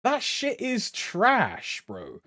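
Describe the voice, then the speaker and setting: Sweary streamer, close and dry. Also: male voice, sits high, wildly swooping pitch, extremely slow, bright, forceful tone, no echo. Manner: swearing, laddish banter. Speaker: game streamer. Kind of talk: casual live stream chat.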